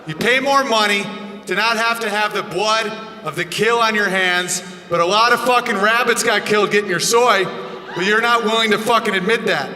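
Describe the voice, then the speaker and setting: Male stand-up comic, high voice, profane shouting rant, echoey hall, music behind. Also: normal speed. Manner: loud, profane, often shouting. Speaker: stand-up comedian.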